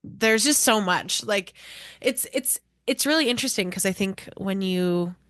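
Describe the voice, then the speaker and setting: A woman hosts a casual podcast interview at a slow, unhurried pace. Her mid-pitched voice sounds dry and close. She keeps her guest going with steady "yeah"s and small laughs. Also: dry recording. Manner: supportive listener, frequent "yeah" and soft laughs. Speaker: podcast host.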